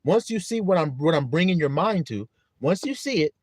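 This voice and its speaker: A man's voice: on the high side, lively intonation, normal speed, a little mellow, slightly rough, no room sound. A man preaching a casual sermon to an online flock, firing rhetorical questions in a blunt, profane way.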